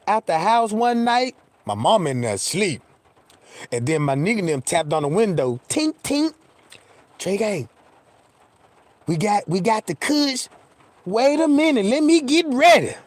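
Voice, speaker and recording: A middle-aged man telling a comic story in a casual, profane, animated way, acting out scenes and checking in with his listeners. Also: very high-pitched, no echo.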